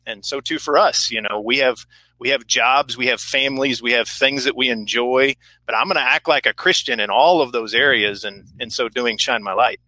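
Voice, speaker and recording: Very bright-voiced reflective man. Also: medium pitch, normal speed, dry recording, poor audio. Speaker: camp worker. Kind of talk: casual Christian discussion.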